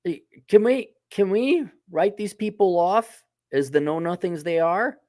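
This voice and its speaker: A man's voice: high voice, unhurried, darkish tone, no echo, clean studio sound. A man hosting a casual opinion monologue, talking in a blunt, sardonic, profane way. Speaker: host.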